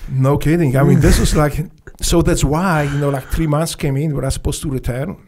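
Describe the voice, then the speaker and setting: Middle-aged Polish ex-soldier guest with an accent, gravelly voice, animated storyteller who swears. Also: male voice, fairly high pitch, fairly quick, a little hiss or hum. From Poland. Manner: animated, swears freely, acts out dialogue, laughs often. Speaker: podcast guest, former Navy SEAL. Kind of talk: storytelling in a casual interview.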